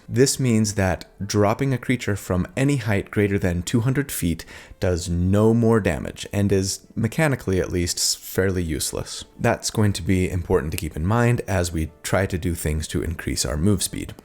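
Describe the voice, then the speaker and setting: A man's voice: sits low, a little mellow. A man hosting a tabletop game channel, earnestly explaining rules and often checking in with the viewer. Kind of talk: explanatory video talk.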